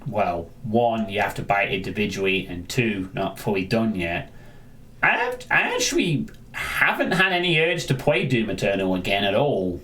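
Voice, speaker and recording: A man's voice: fairly low pitch, very animated, moderate pace, bright, forceful tone, a little hiss or hum. A man chatting casually on a live stream, rambling and answering viewers, often restarting his sentences.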